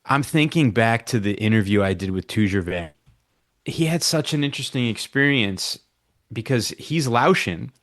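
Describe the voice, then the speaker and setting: A man's voice: mid-range voice, expressive, moderate pace, fairly bright tone. Thoughtful man on a radio panel. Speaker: reporter guest. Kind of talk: radio talk show discussion.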